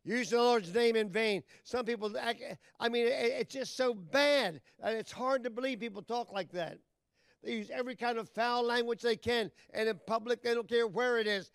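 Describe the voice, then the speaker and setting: A man preaching a sermon as pastor, talking folksy and plain with loud emphatic bursts. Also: very high-pitched, normal speed, clean tone, no room sound.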